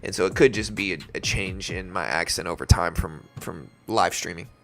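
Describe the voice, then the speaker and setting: A man's voice: low voice, normal speed, creaky, a bit bright, soft background music. Chatty man with a light South Louisiana accent. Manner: chatty, answers viewer chat while calling market moves. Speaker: live-stream trading host. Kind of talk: casual live-stream commentary.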